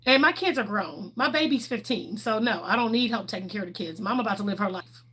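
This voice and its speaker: A woman's voice: mid-range voice, animated, fast, sharp tone, breathy edge. A middle-aged woman, chatting candidly on a livestream and answering viewers' questions, laughing often. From Texas, USA. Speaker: livestream host.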